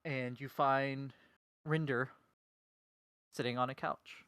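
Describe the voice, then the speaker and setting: Slow, halting game-master man. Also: mid-range voice, steady tone, fairly bright tone, smooth, no echo. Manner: slow, halting narration with many fillers. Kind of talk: narrating a tabletop game.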